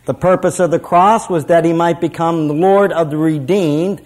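A middle-aged man preaches a sermon with emphasis, circling back to repeat his key phrases and slowing on the lines he wants to land. His voice sits a little higher than most men's, with a steady, slightly mellow tone.

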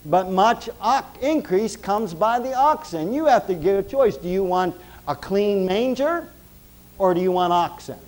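A man preaching a sermon as pastor, emphatic, swinging between loud stresses and hushed closing prayer. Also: high voice, lively intonation, unhurried, rough recording.

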